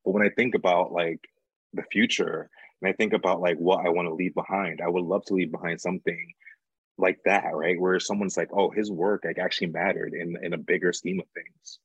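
Husky-voiced young man, chatty. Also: low-pitched, steady tone, brisk, no room sound, lo-fi sound. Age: young adult. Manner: chatty, fills talk with "like". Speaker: guest, writer and actor. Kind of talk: casual conversation.

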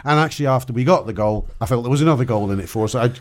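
A man on a football podcast panel recounts his day with animated energy. He chats casually at a middling pitch and breaks into laughter often. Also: very fast.

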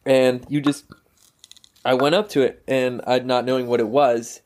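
A man's voice: medium pitch, normal speed. A young man in casual chat, telling a story with energy and acting out the voices of the people in it. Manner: animated storytelling, acts out quoted voices.

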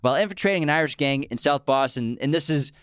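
A man's voice: a little high, fast talker, fairly bright tone, clear, resonant tone, dry recording, clean studio sound. A man co-hosting a podcast, chatting casually and enthusiastically about films and summarizing their plots. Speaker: podcast co-host. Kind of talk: casual film discussion.

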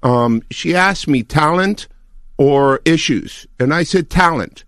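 A man's voice: fairly high pitch, lively intonation, slow pace, a bit bright, no room sound, clean studio sound. A man answering questions in a radio interview, hesitant and defensive, restarting his sentences often. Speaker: interview guest, record executive.

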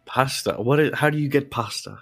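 A man playing in a casual tabletop game, talking in a laid-back, deadpan way. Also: mid-range voice, brisk, vocal fry, slightly rough, no echo, soft background music. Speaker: player.

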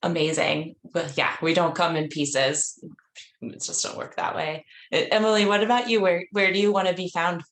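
A woman's voice: on the low side, fairly even intonation, normal speed, reverberant. A woman co-hosting a podcast, thanking her guests and wrapping up the interview in a casual, grateful way with frequent laughter. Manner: warm, grateful, laughs often. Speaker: podcast co-host.

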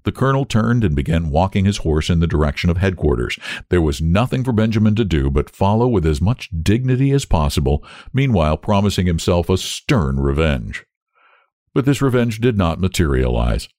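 A man narrating a story aloud with expressive storytelling. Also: sits low, fairly quick, no echo, clean studio sound. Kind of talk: audiobook narration.

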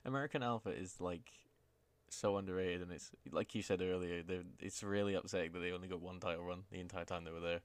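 A laid-back young man with a fairly low voice, chatting through an old wrestling episode on a podcast. He swears easily and talks loosely, close to a dry-sounding mic. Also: fairly even intonation, fast talker, clean tone, dry recording. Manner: laid-back, swears freely, acts out quoted lines for laughs. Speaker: podcast co-host. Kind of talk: casual chat recapping wrestling.

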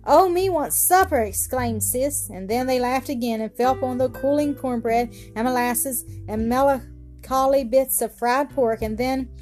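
Female storyteller, fairly high voice, gentle bedtime-story read over faint music. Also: steady tone, measured pace. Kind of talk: children's story narration.

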